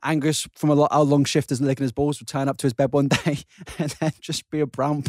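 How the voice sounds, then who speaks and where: A man's voice: a little high, flat delivery, fairly quick, dry recording, clean studio sound. A young man co-hosting a comedy podcast, telling crude stories full of swearing and cackling. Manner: rowdy, swearing, cackling storyteller. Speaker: podcast co-host.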